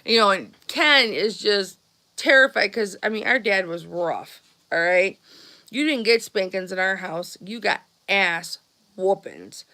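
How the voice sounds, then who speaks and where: This middle-aged woman speaks unhurriedly in a mid-range, pushed and bright voice. On a casual live stream, she shares a childhood tale with viewers, chatting away and acting out each person involved.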